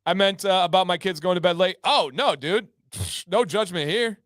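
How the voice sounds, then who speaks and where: A man hosting a casual livestream, reading viewer comments in an upbeat, excitable way with sudden loud whoops. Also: high voice, moderate pace, no echo, clean studio sound. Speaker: livestream host.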